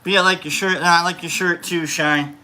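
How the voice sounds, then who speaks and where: A man casually chatting on a livestream as its host, rambling and playful, quick to get excited. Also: fairly high pitch.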